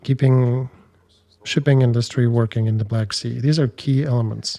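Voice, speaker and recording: A man commenting on the war with a dark, mellow tone. He talks in a measured, analytical way and makes blunt judgments. His pitch sits in the middle range for a man. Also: fairly even intonation. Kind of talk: analytical discussion.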